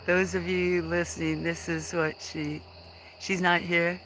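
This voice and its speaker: A woman hosting a casual livestream from her farm, soft-spoken and touched, chatting with viewers. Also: fairly low pitch, flat delivery, unhurried, slight background noise, rough recording. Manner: soft-spoken and emotional, thanking viewers warmly. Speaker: livestream host. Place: outdoors on a small farm.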